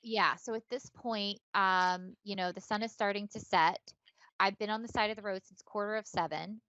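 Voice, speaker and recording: A woman's voice: mid-range voice, steady tone, normal speed, bright, forceful tone, clean tone, dry recording. A woman co-hosting a podcast, telling a long story in a rambling, filler-heavy way with some swearing. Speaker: podcast co-host. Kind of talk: casual storytelling chat. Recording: dull lo-fi dry sound.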